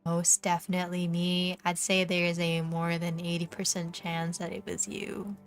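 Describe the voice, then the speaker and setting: This VTuber is a young Canadian woman with a matching accent who banters casually with viewers during gameplay, teasing them and using plenty of fillers. She has a lowish voice with little pitch movement, delivered at normal speed, over faint background music.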